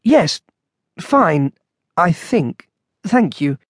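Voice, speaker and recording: A man voicing a mild, muddled elderly gentleman, speaking vaguely and uncertainly. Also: high-pitched, big pitch swings, drawn-out words, slightly rough, no echo, studio quality, heavily acted. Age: older.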